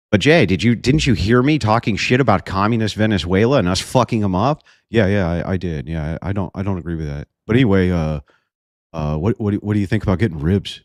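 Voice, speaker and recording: A man hosts a livestream, reacting in a combative, sarcastic, profane voice. His very deep voice swoops widely as he talks. The sound is dry and close. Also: expressive, fast, no room sound. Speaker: livestream host.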